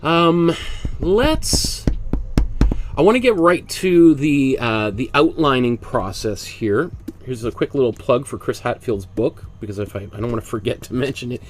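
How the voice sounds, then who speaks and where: A man's voice: medium pitch, measured pace, slight background noise. A man with a cold teaching a painting class. He talks in a chatty way and explains each step as he works. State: congested with a cold. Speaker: art instructor. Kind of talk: casual painting demonstration.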